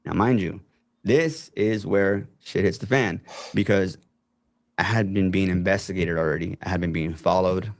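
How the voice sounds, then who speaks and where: Speaking at a normal speed in a low voice, this guest relates a lengthy personal story, animatedly performing what others said. The studio-quality recording has no echo.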